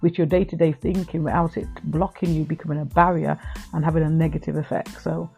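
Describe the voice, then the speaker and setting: A woman's voice: deep voice, little pitch movement, brisk, vocal fry, darkish tone, soft background music. A middle-aged woman hosting a personal podcast, talking earnestly about her own life to her listeners. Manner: earnest, heartfelt storytelling to listeners. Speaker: podcast host. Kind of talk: personal reflective podcast talk.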